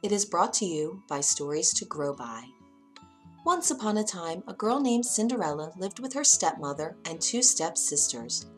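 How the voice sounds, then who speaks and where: A woman storyteller narrating a classic fairytale as a bedtime story, reading aloud gently and clearly. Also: on the low side, expressive, normal speed, faint music behind.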